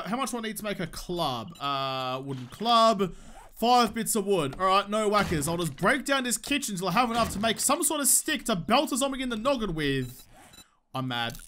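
A man's voice: high voice, bright, forceful tone. A young Australian man giving casual, joking commentary over his gameplay, talking to the game and to himself. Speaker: gaming YouTuber.

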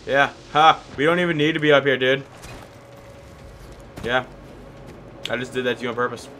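A man's voice: medium pitch, normal speed, sharp tone, slight background noise. A man casually commenting on his own gameplay as a video host, rambling and talking to himself, with a cracky voice that breaks now and then. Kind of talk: casual let's-play commentary.

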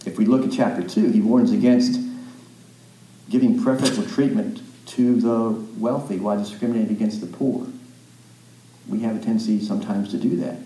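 A man's voice: on the low side, fairly even intonation, fairly quick, mellow, reverberant, low-quality recording. A man preaching a sermon as a pastor, reading scripture aloud and explaining it plainly, with small restarts and asides. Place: church sanctuary.

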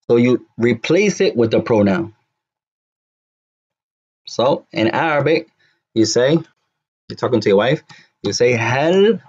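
Slow, drilling male Arabic teacher. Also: medium pitch, darkish tone, dull audio. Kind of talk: classroom lesson.

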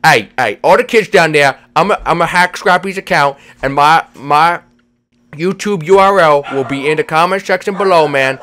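A man's voice: on the high side, moderate pace, pushed and bright. A man voicing a laid-back Lego figure in a Minecraft role-play, ending lines with "man". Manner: drawling, says "man" every line.

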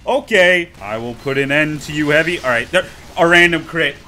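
A man's voice: a little high, moderate pace, pushed and bright, slight background noise. A man giving joking, exclaiming running commentary over his own gameplay. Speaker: gaming video creator.

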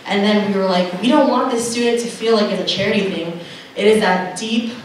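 A woman's voice: mid-range voice, fairly quick. A young woman telling an earnest personal story at a camp gathering, acting out dialogue and laughing now and then. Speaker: camp speaker. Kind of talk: personal testimony message. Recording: echoey hall from far off, noisy.

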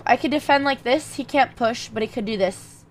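At a moderate pace, a young woman with a slightly high voice streams chess and voices her thinking, with a bit of hiss or hum present. She murmurs through calculations, then pauses to chat energetically with viewers.

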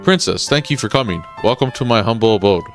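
A man's voice: lowish voice, expressive, fast. A man voicing an elderly, kindly male scholar and tutor who speaks in a formal, courteous way, with faint game music behind him. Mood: welcoming.

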